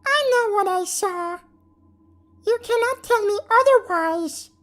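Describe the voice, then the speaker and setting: A man putting on a squeaky little monster's falsetto to narrate a first-person horror story, slow and strained. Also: animated, a bit bright, soft background music, exaggerated voice. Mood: paranoid.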